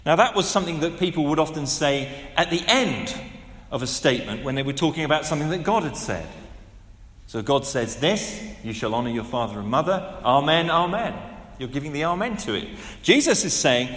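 A man in his fifties preaching a sermon, conversational and animated, with asides and rhetorical questions. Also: a little high, moderate pace. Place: large church hall. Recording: echoey hall with long reverb.

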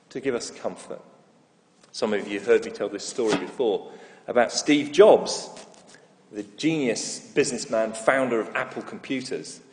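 A middle-aged man preaching a sermon, telling stories and stressing key phrases with slow repetition. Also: on the high side, darkish tone. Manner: storytelling, emphatic with slow repeated phrases. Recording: echoey hall reverb.

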